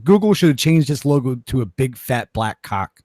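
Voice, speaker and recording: A man of medium pitch co-hosts a casual talk show in a dry, close room. He is blunt and emphatic, swearing often to drive his points home. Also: big pitch swings, moderate pace, darkish tone, dry recording. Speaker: podcast co-host. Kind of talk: casual opinion chat.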